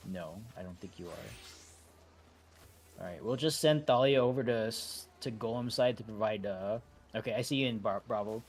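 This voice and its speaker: A man leading a game raid over voice chat, talking in a relaxed, halting way with many fillers and restarts. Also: lowish voice. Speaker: raid leader.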